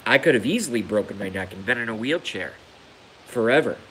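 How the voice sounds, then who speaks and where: A man's voice: lowish voice, expressive, fast talker, bright, forceful tone, slight background noise, rough recording. A man hosting a rambling live stream, crude and self-mocking, laughing at his own jokes while hurt and unable to laugh without pain. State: injured, hurts when he laughs. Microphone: phone.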